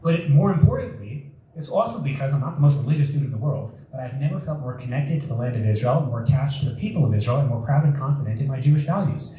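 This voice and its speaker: A man's voice: mid-range voice, animated, quick pace, warm tone. A young man giving a casual, joking storytelling talk to an audience, with plenty of fillers, speaking at a community event. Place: community center hall. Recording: echoey room, mic far off, faint noise.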